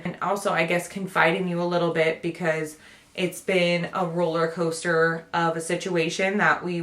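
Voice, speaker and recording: A woman's voice: lowish voice, a bit bright. Chatty young woman, echoey room. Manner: chatty, emotional, tearful at times. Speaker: vlogger. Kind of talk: casual personal update to viewers.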